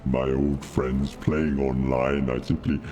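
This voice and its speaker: A man putting on the voice of a deep, menacing male space villain overlord, talking in a slow, brooding, theatrical way. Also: flat delivery, mellow.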